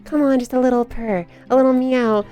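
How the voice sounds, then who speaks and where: A woman streams live in a slightly high, playful voice, giggling and teasing as she chats casually. She slips into cooing baby talk now and then. Faint music plays softly behind her. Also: steady tone, a little fast. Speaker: livestreamer.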